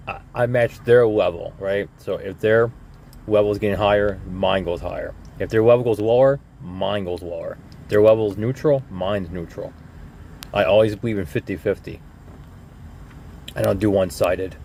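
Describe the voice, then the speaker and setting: A man's voice: on the low side, darkish tone, a little hiss or hum. A young man talking casually on a live stream from his van, rambling and repeating himself with many "you know"s. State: coughing lately. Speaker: vlogger.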